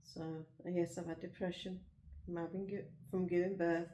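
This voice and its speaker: A Liverpool vlogger with a Liverpool accent tells frank, rambling stories about her life in casual chat. Her lowish voice is mellow with little pitch movement at normal speed, and the recording has roomy echo and slight background noise.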